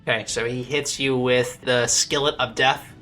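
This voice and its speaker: A man running a tabletop game as dungeon master, narrating the action and reading rules aloud in a steady, explanatory way. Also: medium pitch, moderate pace, faint music behind.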